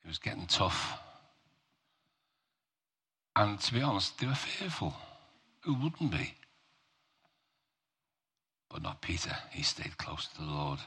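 A male preacher giving a sermon, talking slowly and emphatically in a conversational way, with rhetorical questions to the congregation. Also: low-pitched, sing-song, gravelly, bright, forceful tone, slightly rough.

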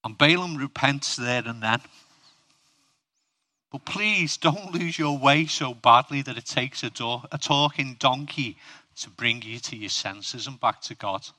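Male preacher, bright sharp tone, humorous sermon delivery. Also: mid-range voice, a little slow. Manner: humorous and chatty, asks the audience questions.

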